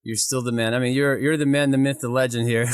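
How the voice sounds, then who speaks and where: A man's voice: mid-range voice, fairly even intonation, fast, dry recording. A man hosts a casual interview. He is enthusiastic and often laughs between his questions. The sound is dry and close. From Ukraine. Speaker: podcast host.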